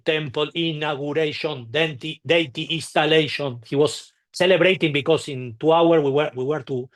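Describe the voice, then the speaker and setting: A man telling anecdotes at a temple gathering, halting and restarting often, acting out the people in his stories. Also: fairly high pitch. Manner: halting, with frequent restarts and repeated words. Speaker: devotee sharing memories at a temple. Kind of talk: anecdotal storytelling talk.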